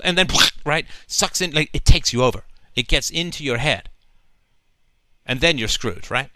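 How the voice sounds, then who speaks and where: A man's voice: on the high side, expressive, normal speed, pushed and bright, no echo. A male host talking emphatically in a long, flowing monologue, often checking in with "right?". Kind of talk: call-in conversation.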